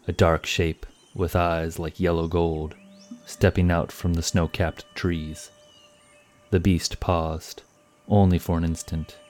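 A man narrating a fantasy story in a measured, scripted way. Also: sits low, darkish tone.

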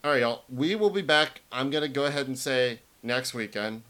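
A man, chatting as co-host of a casual podcast. His delivery is relaxed and drawling, with a teasing edge. His voice sits at an ordinary pitch for a man. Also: moderate pace. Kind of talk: casual chat about soccer.

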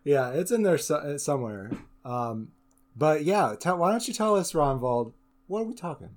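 A man's voice: a little high, expressive, normal speed. A man hosting a casual podcast chat, laughing often and hesitating with fillers. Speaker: podcast host.

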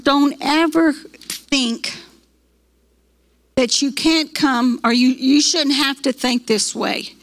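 A woman's voice: high-pitched, takes it slowly, pauses often, dry recording, low-quality recording. A middle-aged woman, teaching a church prayer class in a folksy storytelling way, full of fillers and restarts.

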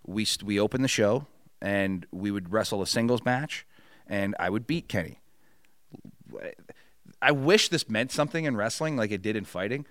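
Man, middle-aged, low voice, dry close sound, casual profane storytelling, acts out quotes. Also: a bit bright, clean tone, no room sound. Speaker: podcast guest.

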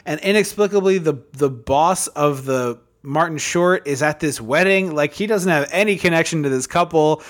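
Chatty man podcast host, slightly high voice. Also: moderate pace, hardly any pauses. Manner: rambling, chatty, frequent fillers and restarts. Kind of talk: casual chat. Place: hot room at home.

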